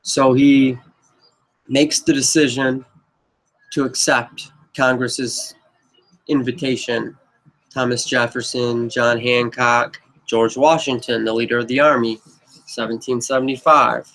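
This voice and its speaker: Flat-voiced man rambling through a pitch. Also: slow pace, low-quality recording. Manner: rambling, heavy on "you know" and "but yep". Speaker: filmmaker pitching his own script. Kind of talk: casual rambling pitch to camera.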